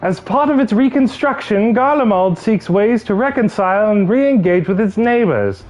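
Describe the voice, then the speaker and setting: A man's voice: high-pitched, expressive, moderate pace, darkish tone, voice pushed up. A man voicing a composed young woman ally in a formal way, close to his own voice, as he voices game cutscenes on a stream. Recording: slightly muffled with game music.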